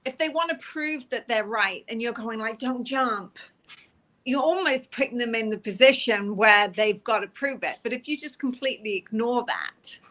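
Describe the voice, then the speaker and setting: A woman's voice: fairly high pitch, normal speed, hardly any pauses, fairly bright tone. A middle-aged woman from England, a police officer, chatting and laughing as she tells her stories in an interview. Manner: chatty, self-deprecating, laughs while telling stories. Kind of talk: casual interview storytelling.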